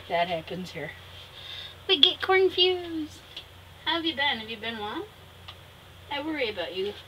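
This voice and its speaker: A craft vlogger with a fairly high, somewhat bright voice chats her way through a tutorial at normal speed, her pitch swinging widely and broken by long pauses. She talks fondly to her viewers and laughs at herself. The audio is poor, with noticeable background noise.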